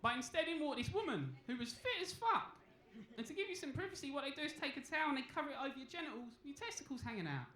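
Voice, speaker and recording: Talking fast in an extremely high voice, a young man performs cheeky, crude stand-up at a comedy club, telling his stories deadpan. Faint noise and echo fill the club room.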